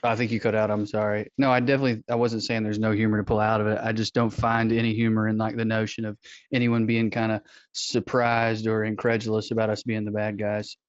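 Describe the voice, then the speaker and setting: A man's voice: fairly low pitch, little pitch movement, a little fast, smooth, no room sound. Podcast host, male, jokey and rambling, dry and slightly dull remote audio. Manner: jokey, rambling, self-deprecating. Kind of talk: casual podcast chat.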